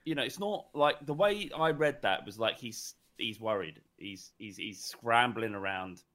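A man co-hosting a casual football podcast, reacting with animated, incredulous questions. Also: fairly low pitch, a little slow, a little hiss or hum. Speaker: podcast co-host.

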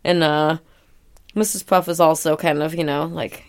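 A woman with a lowish voice recapping a cartoon on a podcast, chatty and profane, trailing into asides. Casual and unpolished. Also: steady tone, normal speed. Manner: profane, rambling retelling. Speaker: podcast co-host.

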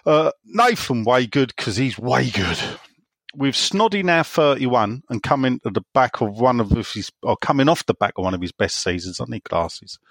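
A man's voice: mid-range voice, animated, normal speed, no echo, clean studio sound. A man with an East End London accent hosting a casual podcast chat, joking around and reading out listener questions. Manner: jokey, reads out listener questions. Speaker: podcast host.

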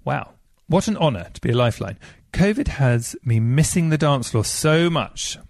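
A man's voice: medium pitch, sing-song, normal speed, darkish tone, no room sound, studio quality. A man hosting a casual podcast, reading listener emails. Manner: chatty, reads listener emails aloud. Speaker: podcast host.

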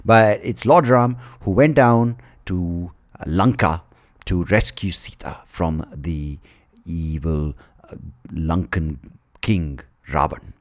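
A man's voice: low-pitched, slow pace. A man telling a story as a comic monologue, rambling, irreverent and full of jokes. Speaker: podcast guest.

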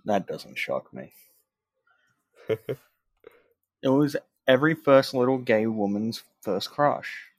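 A man's voice: medium pitch, big pitch swings, slow pace, long pauses, dry recording. A man co-hosting a casual podcast, tired and self-deprecating. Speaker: podcast co-host. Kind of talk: casual chat.

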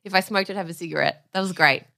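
A woman co-hosting a podcast, chatting in playful, excitable banter. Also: on the low side, quick pace, gravelly. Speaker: podcast co-host. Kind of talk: casual banter.

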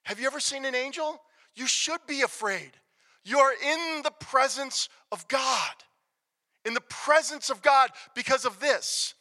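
A man preaching a sermon, emphatic, swinging from loud declarations to hushed near-whispers. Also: very high voice, a little slow. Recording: long reverb of a large hall.

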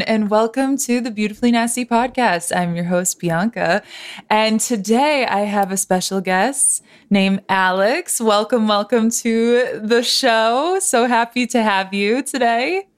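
A young woman from Massachusetts hosting a casual podcast chat, bubbly and quick to laugh. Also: on the high side, clear, resonant tone, dry recording, clean studio sound. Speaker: podcast host.

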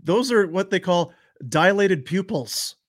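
Brief: male co-host, quick jokes, slightly high voice that jumps around. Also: animated. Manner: wisecracking, mock-exasperated. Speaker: podcast co-host. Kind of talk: casual sports talk.

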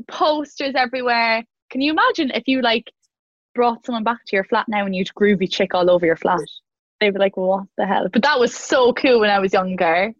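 A woman's voice: fairly high pitch, fairly bright tone, no room sound, muffled recording. A young woman, chatting casually and laughing easily, with many "like" fillers as she co-hosts. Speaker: co-host. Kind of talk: casual chat.

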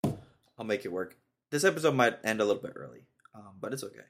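A man's voice: fairly low pitch, very animated, fairly quick, fairly bright tone. A young man hosting a solo podcast, ranting in an exasperated, mocking way and laughing at his own jokes. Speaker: podcast host. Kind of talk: casual solo podcast rant.

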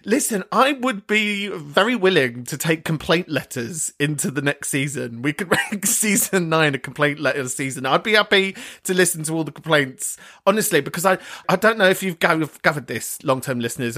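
A man hosting a podcast, reacting to listener voicemails in a giggly, sweary, expressive way. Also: fairly high pitch. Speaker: podcast host. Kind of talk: casual chat reacting to voicemails.

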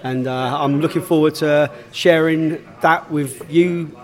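A man's voice: fairly high pitch, fairly even intonation, slow pace. A man talking on a podcast panel in a hesitant way, with many fillers. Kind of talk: casual podcast chat.

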